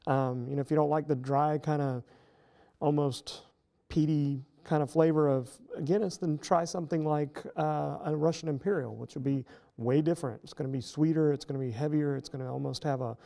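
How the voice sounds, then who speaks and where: A middle-aged professor talking casually as an interview guest, explaining at length with many fillers and restarts. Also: male voice, on the high side, fairly even intonation, a little fast, creaky, dark tone.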